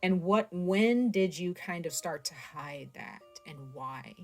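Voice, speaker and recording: Low-voiced chatty woman tarot reader. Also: lively intonation, slow pace, darkish tone, soft background music. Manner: chatty, speaks straight to viewers with many fillers. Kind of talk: casual tarot reading to camera.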